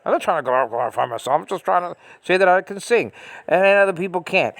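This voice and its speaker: American man, casual rant, exasperated, pitched a bit high, dry close sound. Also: animated, fast talker, a bit bright, no room sound. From United States. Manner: exasperated, repetitive, lots of fillers and restarts. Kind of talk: casual ranting monologue. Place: small room at home.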